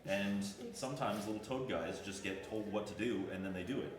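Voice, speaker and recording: A man's voice: lowish voice, brisk. A man playing in a live party game, laid-back and self-mocking. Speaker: game player. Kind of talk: casual game banter. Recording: very echoey, distant, crowd behind.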